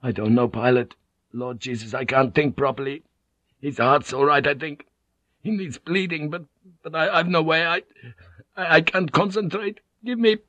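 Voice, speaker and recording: Panicked doomed sailor, stammering and high-pitched, read by a male narrator, dry and muffled. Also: level tone, normal speed, fairly bright tone, dry recording, natural voice.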